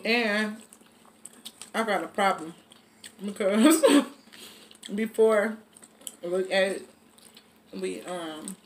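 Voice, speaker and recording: A woman hosting a casual mukbang vlog at a home dinner table, chatty and laughing, with relaxed colloquial speech. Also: mid-range voice, very slow, pauses often. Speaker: vlog host.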